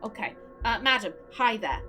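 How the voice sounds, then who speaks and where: A woman's voice: on the high side, sing-song, moderate pace, low-quality recording. A woman streamer commenting on a game as she plays, chatty and casually swearing. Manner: chatty, swears, talks to herself. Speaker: let's play streamer. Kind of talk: gaming commentary. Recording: voice over game music.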